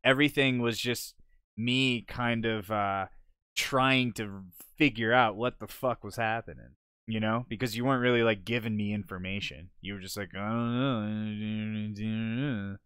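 A man talking in a laid-back, offhand way, his voice smooth and clear. He swears casually and keeps calling his friend "dude." He sits close to the mic in a dry, dead-sounding space. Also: lowish voice, fairly even intonation, normal speed, sharp tone, dry recording. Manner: laid-back and profane, says "dude" a lot. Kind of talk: casual storytelling chat.

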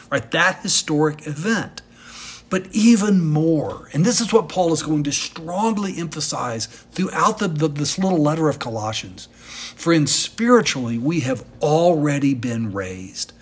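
Husky-voiced man preaching a sermon. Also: fairly high pitch. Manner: earnest, emphatic preaching with rhetorical questions. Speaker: pastor.

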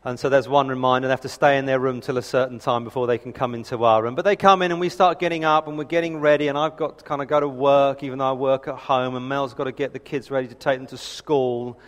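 A man's voice: mid-range voice, steady tone, fast, hardly any pauses. A man in his thirties preaching a sermon, telling family stories in a chatty, self-deprecating way. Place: church hall. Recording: reverberant hall.

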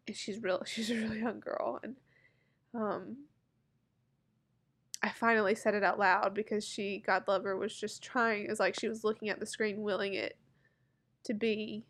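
A woman in her thirties telling a personal story to camera, halting and heartfelt, close to tears. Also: medium pitch, flat delivery, a bit bright. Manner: halting, heartfelt, many pauses and fillers. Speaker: vlogger.

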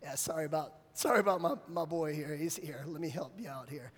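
A firm, calm Jesus, put on by a man preaching, pitched well above his usual talk. It is heard in a sermon retelling, with long reverb around it. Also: brisk, slightly rough. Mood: soft, apologetic. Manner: urgent and pleading, then soft and apologetic.

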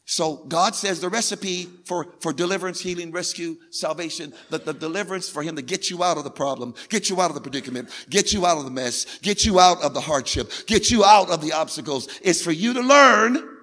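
Bright high-voiced preacher in a big hall. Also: male voice, brisk. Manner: call-and-response, repeats phrases for emphasis. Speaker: pastor. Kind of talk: sermon. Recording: long hall reverb from a big room.

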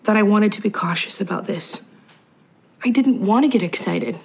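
An actress playing a young wife who has lost a pregnancy, guarded and accusing in a TV drama scene. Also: female voice, mid-range voice, normal speed, creaky, a little hiss or hum, close to an everyday voice. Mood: hurt. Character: hurt young wife after losing a pregnancy. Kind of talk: TV drama acting.

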